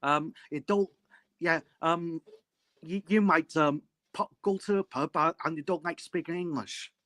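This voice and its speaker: A man's voice: on the high side, a little slow, a bit bright, no room sound. A man with a North Welsh accent chatting casually on a group live call, hesitant and full of ums and restarts. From Wales.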